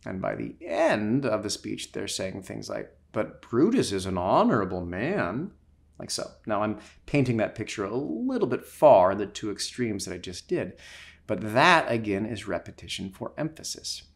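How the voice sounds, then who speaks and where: A man's voice: on the low side, lively intonation, moderate pace, vocal fry. A middle-aged man, a communication trainer, giving an instructional talk with emphatic, shifting stress.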